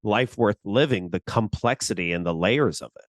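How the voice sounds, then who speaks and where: A man co-hosting a podcast, discussing a TV episode in a lively way and acting out the characters' lines. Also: lowish voice, normal speed, no echo. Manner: animated, acts out quotes, laughs easily. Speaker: podcast co-host. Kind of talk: casual discussion of a TV show.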